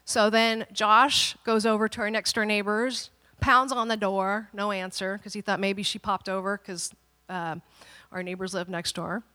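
A woman pastor in her thirties telling a family story during a sermon, animated and dramatic, with playful asides. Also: medium pitch, measured pace, hardly any pauses, long reverb tail.

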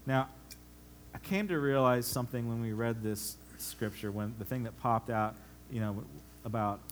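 A man's voice: medium pitch, moderate pace, slight background noise. A middle-aged man preaching a conversational sermon in a church hall, telling family stories and laughing often. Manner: animated storyteller, acts out voices, laughs often. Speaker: pastor.

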